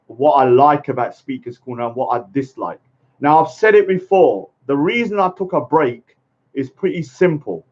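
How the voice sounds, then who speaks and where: A man chatting casually on a live stream, rambling and halting with many fillers and greeting viewers by name. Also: fairly high pitch. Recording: muffled lo-fi stream audio.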